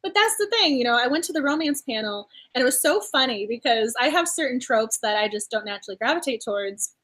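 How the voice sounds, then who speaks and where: A woman's voice: fairly high pitch, expressive, fast talker, fairly bright tone. A young woman hosting a casual book club chat, effusive and gushing, laughing often as she talks. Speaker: booktuber host.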